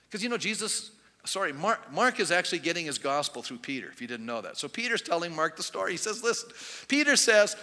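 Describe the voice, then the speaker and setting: A man's voice: high voice, very animated, normal speed, sharp tone. A man preaching a sermon as pastor, telling the story animatedly and acting out the quoted voices. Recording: long hall reverb.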